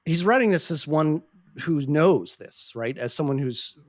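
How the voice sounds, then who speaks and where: A man's voice: fairly high pitch, lively intonation, measured pace, no room sound, studio quality. A man hosting a podcast, talking earnestly and passionately, often restarting his sentences as he searches for words. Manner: earnest, passionate, frequent swearing. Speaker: podcast host. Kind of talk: casual podcast discussion.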